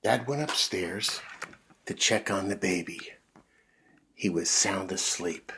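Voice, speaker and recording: A man reading a children's picture book aloud, animated, with big voices and sound effects. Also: low voice, slow, slight background noise. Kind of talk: read-aloud storytelling for kids.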